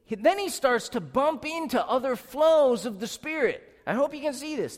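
Male preacher, very high pitch, emphatic and exclaiming, recorded with a long hall reverb. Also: lively intonation, moderate pace, few pauses. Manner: emphatic, exclaiming, asks the audience questions. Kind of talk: sermon.

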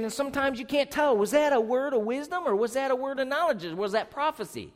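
Male preacher, very high pitch, emphatic and exclaiming, recorded with a long hall reverb. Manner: emphatic, exclaiming, asks the audience questions. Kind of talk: sermon.

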